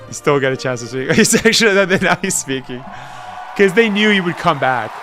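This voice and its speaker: A man's voice: fairly high pitch, expressive, fairly quick, sharp tone, faint music behind. A man streaming live and reacting to an awards show with casual, joking commentary, often laughing. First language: French. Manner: joking, laughing, teasing remarks.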